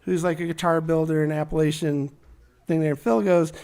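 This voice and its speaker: A man who sings and plays guitar, bantering loosely between songs on a live stage and trailing off into quiet, joking asides. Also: fairly high pitch, fairly even intonation, moderate pace, vocal fry, clean tone. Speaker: band singer and guitarist. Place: live stage at a barn music venue. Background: guitar strumming under the talk.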